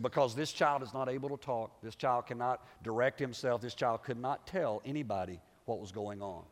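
A pastor delivers a sermon. His voice sits a little high for a man. He builds to loud, shouted peaks, then drops into quiet, slow, low-pitched lines. The sound carries a long reverb from a large church hall. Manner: preaching with big swings between shouted climaxes and hushed low passages.

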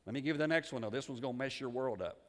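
Animated pastor preaching in a hall. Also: male voice, mid-range voice, very fast. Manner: animated, varies volume widely, repeats words, asks the congregation questions. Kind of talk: sermon. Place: church sanctuary. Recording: long reverb of a church hall.

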